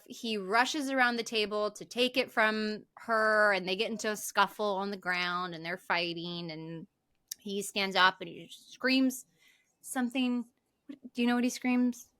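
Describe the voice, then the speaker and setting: A woman co-hosting a podcast, recapping a movie in animated casual chat, swearing freely and using lots of "like". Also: medium pitch, no echo, studio quality. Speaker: podcast co-host.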